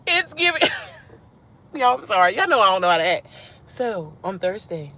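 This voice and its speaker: A woman hosting a casual livestream, animated and slangy, talking straight to her viewers. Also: medium pitch, moderate pace. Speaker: livestream host.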